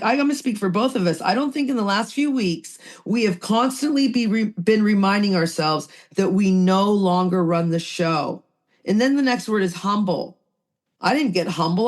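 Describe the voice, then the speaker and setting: A woman hosts a recovery podcast in an earnest, preachy way. She reads passages and comments on them, often lecturing herself. She slows down and stretches certain words to stress them. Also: medium pitch. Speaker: podcast co-host.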